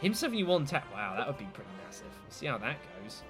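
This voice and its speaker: Male let's play host, lively, swings a lot in pitch, swears a lot, game music under him. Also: fast talker. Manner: swears freely, lively and exclamatory. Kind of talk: casual gameplay commentary.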